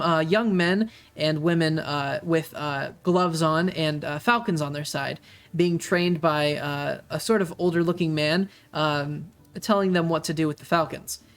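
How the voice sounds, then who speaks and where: A game master narrating a tabletop game, halting often with uhs and ums. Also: medium pitch. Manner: halting, filled with many uhs.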